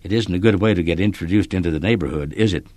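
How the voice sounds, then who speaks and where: A man's voice: deep voice, fast, no room sound, close to an everyday voice. A man voicing a kind, understanding mother in a read-aloud story. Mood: gentle. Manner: kind, gentle.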